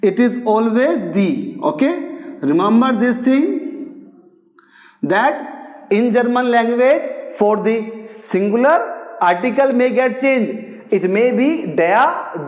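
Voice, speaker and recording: An Indian English woman teaches at an unhurried pace, her fairly high voice rising and falling widely. She drills every point again and again, checking in with her class as she goes. The room around her sounds echoey. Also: a little mellow. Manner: repetitive drilling, keeps asking "okay?". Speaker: language teacher. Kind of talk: slow classroom lecture. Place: room with a writing board.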